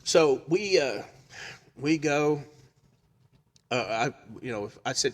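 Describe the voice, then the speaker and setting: A man's voice: mid-range voice, a little slow, pauses often. A man telling a funny story in a casual chat, laughing often and acting out the people in it. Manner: animated, laughs often, acts out quotes.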